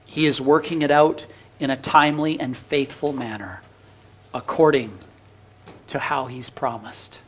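A man preaching a sermon, swinging from loud urgent pleading to hushed near-whispers and stretching out key phrases. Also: mid-range voice, fairly even intonation. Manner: preaching with drawn-out emphatic phrases. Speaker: pastor.

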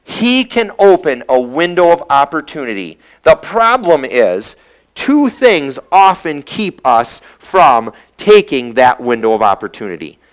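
A man preaching with a voice that rides high and swoops far up and down as he retells a scripture story. He slips into quick character voices for the people in the tale, then reads the verses in a steady, measured cadence. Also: clear, resonant tone. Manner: animated storytelling, briefly acting out the voices of biblical characters. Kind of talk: sermon.

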